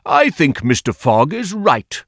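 Man reading an eager gentleman, emphatic, slow careful listing, dry close sound. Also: on the high side, very animated, no room sound, pitched above the performer's own voice. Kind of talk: audiobook character reading.

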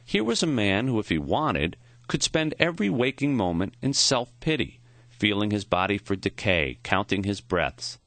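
A male narrator with a very deep voice reads a memoir in a measured way, his pitch moving a lot from line to line. The sound is close and completely dry. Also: sing-song, a bit bright, no room sound. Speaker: audiobook narrator. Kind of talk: scripted narration.

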